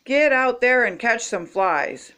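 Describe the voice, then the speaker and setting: A woman voicing a brisk, loud female T-ball coach in a picture book, calling out to her team. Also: on the high side, animated, clean tone, heavily acted. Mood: cheery. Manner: calls out cheerfully to the team.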